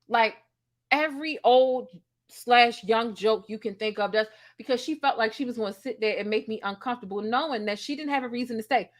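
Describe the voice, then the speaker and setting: A woman's voice: a little high, brisk, a bit bright. A woman in her thirties telling a story in a casual, sassy and profane way, acting out the dialogue. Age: 30s. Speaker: host.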